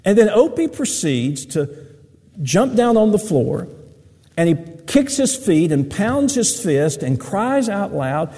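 A man's voice: high voice, sing-song, takes it slowly, mellow, breathy edge, big-room sound. A man preaching a sermon, telling stories in a folksy way. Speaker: pastor.

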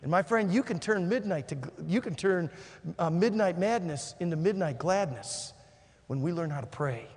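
A man preaching a sermon, telling a story and swinging between hushed and shouted delivery. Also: high-pitched, animated, normal speed. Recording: long hall reverb.

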